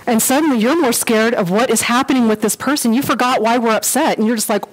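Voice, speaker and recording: A woman with a fairly high voice teaching a relaxed church history class. She talks in a chatty, animated way, with plenty of filler words. Every so often she acts out short voices to bring a point to life. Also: brisk, slight background noise, low-quality recording. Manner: chatty and animated, with many fillers and acted-out quotes. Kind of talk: casual classroom lecture.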